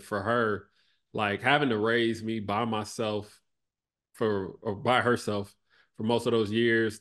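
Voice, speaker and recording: In this reflective interview, a thirtysomething ex-basketball player guesting on a podcast talks with a fairly low voice. His manner is relaxed and filler-heavy, full of "like" and "you know," with his words dropping and fading softly as he thinks back.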